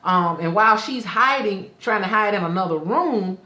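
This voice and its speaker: A woman with a drawl tells an episode's story in a chatty, animated way. She slips into the characters' voices as she goes. Her voice sits at a middle pitch, and the room gives it a noticeable echo. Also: normal speed, lo-fi sound. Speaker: show host reviewing a TV episode. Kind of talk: casual episode recap.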